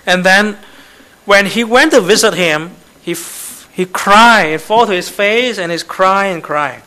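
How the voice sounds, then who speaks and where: A man with a bright, somewhat high voice preaches in halting. He speaks in short bursts, stopping after each phrase so an interpreter can follow. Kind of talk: sermon with live interpretation.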